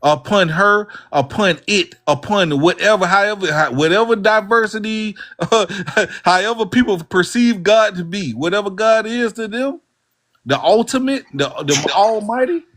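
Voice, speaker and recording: A man with a Southern drawl rambles through a casual livestream talk, laid-back and repetitive. His voice sits a little high for a man, and he keeps circling back to the same phrases. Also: measured pace, a bit bright. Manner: laid-back, rambling, says "bro" and "you hear what I'm saying".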